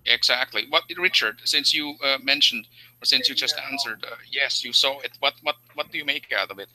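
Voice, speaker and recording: A man on a live online call-in show, asking questions in a halting, repetitive way. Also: mid-range voice, bright, forceful tone, low-quality recording. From Philippines. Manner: halting, repeats himself while framing questions. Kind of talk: casual chat.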